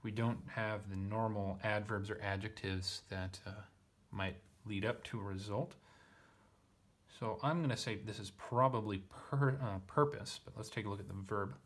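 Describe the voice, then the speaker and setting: A man's voice: fairly low pitch, normal speed. A man teaching a text line by line, thinking aloud with frequent fillers and self-corrections. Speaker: Greek teacher. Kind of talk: casual lesson reading.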